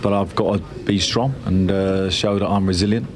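Male football manager: low, monotone, hesitant interview speech. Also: noisy background. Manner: flat, with filled pauses. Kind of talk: interview clip in a news bulletin.

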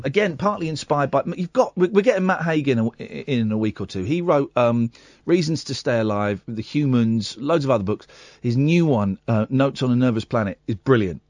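A man's voice: medium pitch, very animated, moderate pace, a little mellow, no echo. A man hosting late-night radio, chatting and reading out a news story with asides and self-corrections. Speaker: radio host. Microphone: studio microphone.

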